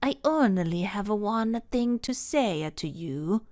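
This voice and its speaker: A woman's voice: mid-range voice, expressive, takes it slowly, a little mellow. A woman voicing a greedy, sneering male villain in a children's audiobook, hissing and spiteful. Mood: menacing.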